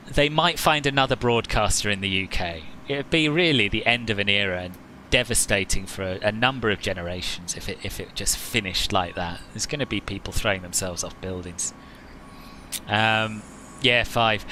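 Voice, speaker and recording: A man's voice: fairly low pitch, normal speed, bright, forceful tone, slight background noise, poor audio. A man chatting casually as he streams a flight simulator session, joking with viewers and often laughing at himself. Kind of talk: casual live-stream commentary.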